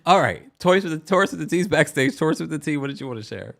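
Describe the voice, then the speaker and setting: A man hosting a live call-in show, playful and quick with asides. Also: a little high, expressive, vocal fry, noisy background. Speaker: host.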